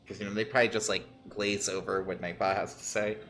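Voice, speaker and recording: A man's voice: fairly low pitch, flat delivery, quick pace, a bit bright, slight background noise. A man hosting a live stream, chatting casually and teasing his co-host with jokes and frequent laughs. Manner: teasing, joking, laughs often.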